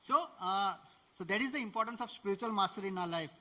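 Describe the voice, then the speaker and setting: A man's voice: high voice, quick pace, pushed and bright. A man with an Indian English accent giving a devotional lecture, conversational, often laughing and asking rhetorical questions. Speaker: preacher.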